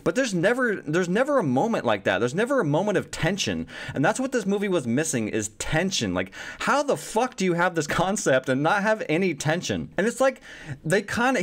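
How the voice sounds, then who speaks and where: A man giving a casual spoken movie review, animated and swearing freely, with lots of fillers. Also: on the high side.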